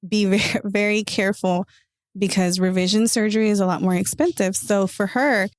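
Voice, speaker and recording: A woman's voice: mid-range voice, moderate pace, no echo, studio quality. A woman hosting a casual chat, telling stories with animation and acting out what her friends said. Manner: animated storyteller, acts out friends' quotes. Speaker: host.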